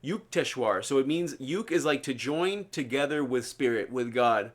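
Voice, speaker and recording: A man's voice: medium pitch, lively intonation, moderate pace. A man live-streaming, talking casually and earnestly, preaching about a book he reads to his viewers.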